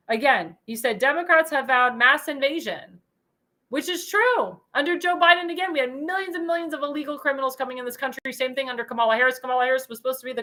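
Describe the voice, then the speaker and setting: Woman, commentary host, high bright voice, indignant and emphatic, repeats lines. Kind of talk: political commentary show monologue.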